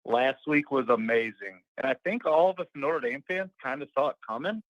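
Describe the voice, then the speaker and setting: A man's voice: medium pitch, animated, moderate pace, no room sound. A man calling into a sports talk show, easygoing and hedging his words with fillers. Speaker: caller. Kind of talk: casual call-in chat. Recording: dull dry phone line.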